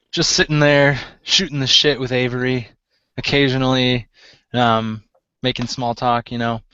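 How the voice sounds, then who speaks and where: A man narrating as game master in a relaxed way, with many fillers. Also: mid-range voice, dull audio.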